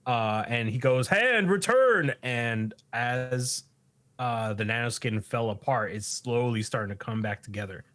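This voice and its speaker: A man's voice: mid-range voice, level tone, a little slow, a bit bright. A man hosting a podcast, recapping an episode in a loose, profane way and laughing often. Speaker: podcast host.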